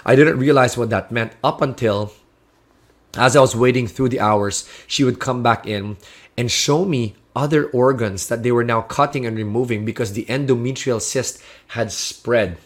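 A man's voice: medium pitch, normal speed. A man preaching a sermon, sharing a personal testimony in an earnest, heartfelt way with frequent restarts.

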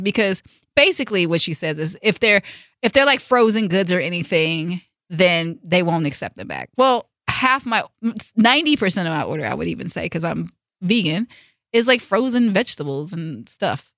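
A woman hosting her own show, telling a story in a casual, animated way and acting out the people in it. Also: fairly low pitch, normal speed, dry recording, clean studio sound. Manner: animated, emphatic, acts out quotes. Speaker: host. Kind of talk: storytime vlog, casual chat.

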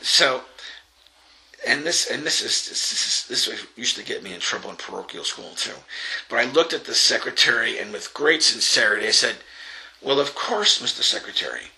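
A man's voice: medium pitch, lively intonation, moderate pace, pushed and bright, poor audio. An older man from Long Island telling an anecdote in an interview, acting out the voices of the people in it and often laughing. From Long Island, New York. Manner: storytelling, acts out quoted voices, laughs often.

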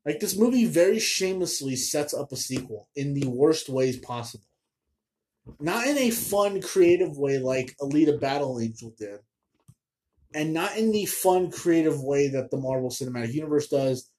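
A man's voice: a little high, expressive, moderate pace, a little mellow. A man hosting a casual movie review show, ranting in a chatty, exasperated way with lots of fillers.

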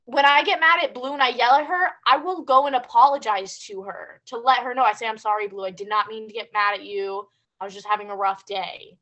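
A young woman co-hosting a podcast, telling stories and ranting in a casual, animated way, with lots of "like". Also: a little high, a little fast, lo-fi sound. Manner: animated storytelling, ranting, heavy use of "like". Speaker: podcast co-host. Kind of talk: casual chat.

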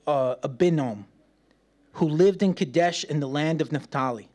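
A man delivers a sermon with a voice pitched a little above most men's. He is playful and talkative, laughs often, and acts out the voices of people in his story. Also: normal speed, a little mellow. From United States. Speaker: preacher. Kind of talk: sermon with personal stories.

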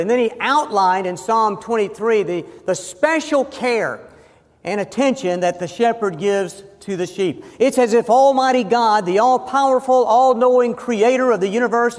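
High-voiced pastor preaching in a reverberant hall. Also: male voice. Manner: emphatic, slows down to stress key phrases. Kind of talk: sermon. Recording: long reverb of a large hall.

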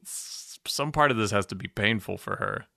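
A man's voice: lowish voice, normal speed, gravelly, pushed and bright, no echo, studio quality. A man co-hosting a casual recap chat, laughing often and acting out scenes. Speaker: podcast co-host.

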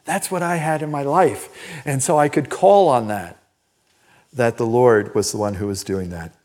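An older man preaching a sermon as pastor, telling personal stories in an animated, emphatic way. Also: mid-range voice, normal speed. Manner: storytelling, animated and emphatic, laughs at own stories. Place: church.

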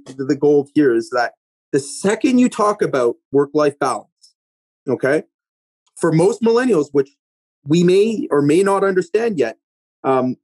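Husky man, business owner type, coaching tone, dry close mic. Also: a little high, a little mellow, dry recording. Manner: emphatic, coaching tone with frequent "right?" checks. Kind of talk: casual podcast conversation.

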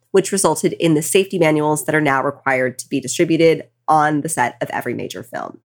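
A tipsy woman co-hosting a podcast, retelling a true crime case casually with angry asides. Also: low voice. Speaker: podcast co-host.

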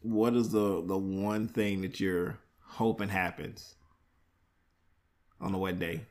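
A young man hosting a casual podcast chat, teasing his brother and telling lively family stories with plenty of laughter. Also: sits low, slow pace. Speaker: podcast host.

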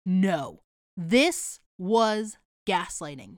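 A woman's voice: medium pitch, expressive, moderate pace, few pauses, fairly bright tone, clean tone, dry recording, studio quality. A woman giving a blunt, sweary and sarcastic casual rant about a reality show.

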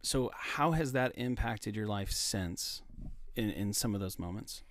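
A man's voice: fairly low pitch, lively intonation, unhurried. A man co-hosting a faith podcast, asking curious and playful follow-up questions in a conversational interview. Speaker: podcast co-host.

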